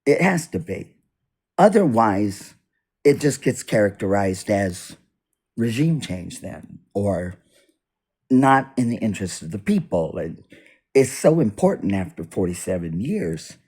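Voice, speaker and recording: A man giving an unscripted political monologue for his video, halting and restarting, his voice swinging between loud and soft. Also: lowish voice, big pitch swings, slightly rough. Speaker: video blogger. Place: indoors, US east coast.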